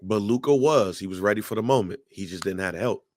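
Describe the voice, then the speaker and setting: Male co-host, lowish voice, dry close mic, blunt and emphatic. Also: fast talker, a little mellow, no room sound. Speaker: podcast co-host. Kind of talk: casual sports talk.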